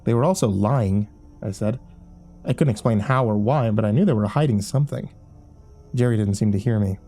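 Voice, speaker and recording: A man's voice: lowish voice, a little fast, warm tone, soft background music. A man narrating a first-person horror story in a wry, dry audiobook style.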